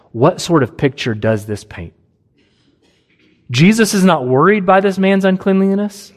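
Earnest man preaching a sermon. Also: a little high. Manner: earnest, emphatic expository preaching with long pauses.

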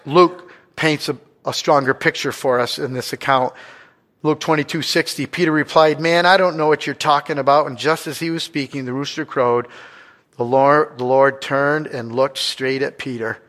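A male pastor delivering a sermon in a mid-range voice. He preaches expressively, rising for emphasis and dropping to a hush. He keeps putting questions to the congregation. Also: mid-range voice, normal speed. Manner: expressive preaching, swinging between loud and hushed.

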